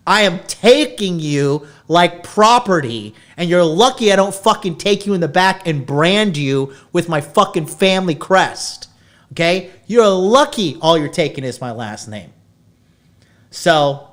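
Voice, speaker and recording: A man's voice: fairly high pitch, expressive, a little slow. A male podcast host giving dating advice in a brash, profane rant, lecturing his listeners.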